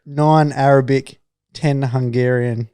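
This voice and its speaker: Aussie male co-host, dry close sound, deadpan list reading. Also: mid-range voice, slow, smooth, dry recording. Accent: Australian. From Australia. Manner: dry, reads out list items. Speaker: podcast co-host. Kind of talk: casual chat.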